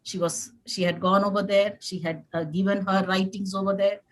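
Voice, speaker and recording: A woman in her forties, a parent on a conference panel, talking in an earnest, halting way with some emotion. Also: medium pitch, steady tone, rough recording. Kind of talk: panel discussion sharing.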